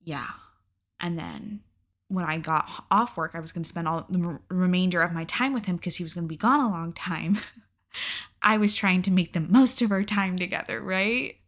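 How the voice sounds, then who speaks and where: A young woman recounts a personal story in a loose, unfiltered vlog style. Her voice sits a little low for a woman, and she swears freely and peppers her sentences with "like.". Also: moderate pace, a bit bright. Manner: candid and profane, with frequent "like" and laughs. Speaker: vlogger. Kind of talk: casual storytime.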